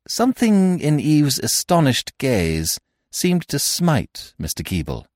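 A man narrating a classic comic novel in an expressive, animated storytelling manner. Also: mid-range voice, unhurried, no room sound, studio quality. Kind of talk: audiobook narration.

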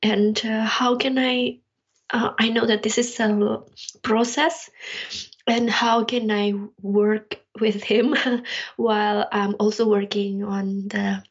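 A husky woman caller speaks slowly and hesitantly. Her voice stays flat and fairly high. The line sounds dull and lo-fi. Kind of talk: casual chat.

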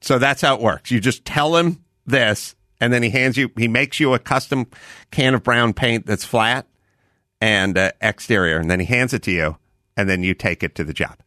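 A man's voice: mid-range voice, normal speed, sharp tone, dry recording, clean studio sound. A middle-aged man hosting a podcast, telling a story in casual chat and acting out exasperated quotes. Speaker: podcast host.

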